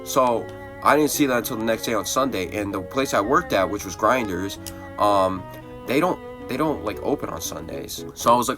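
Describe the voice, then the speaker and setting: A man's voice: mid-range voice, animated, a little fast. Young man swearing through a storytime. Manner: profane, rambling storytelling. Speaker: gaming video creator. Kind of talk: casual storytime over gameplay. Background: guitar music.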